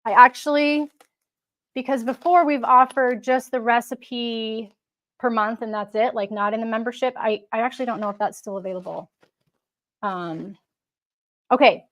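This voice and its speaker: A chatty woman hosts a casual live stream, her voice sitting a little high. She rambles along, stopping and restarting her sentences as she goes. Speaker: host.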